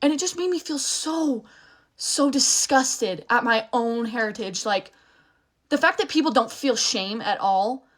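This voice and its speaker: Young woman, angry rant, curses a lot, fairly high voice, halting restarts. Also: lively intonation, a bit bright. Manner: angry, swearing often, emphatic; restarts and trails off while upset. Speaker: social media creator. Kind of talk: heated rant to camera.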